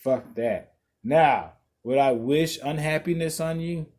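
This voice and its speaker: A man hosting a podcast, ranting bluntly and profanely, loud one moment and muttering the next. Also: fairly high pitch, takes it slowly. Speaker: podcast host. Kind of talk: casual podcast rant.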